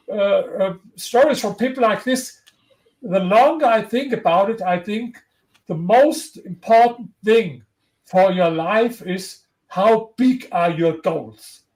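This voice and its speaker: High-voiced man with German accent. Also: rough recording. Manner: earnest, motivational, frequent restarts. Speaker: interview guest, author. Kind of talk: conversational interview.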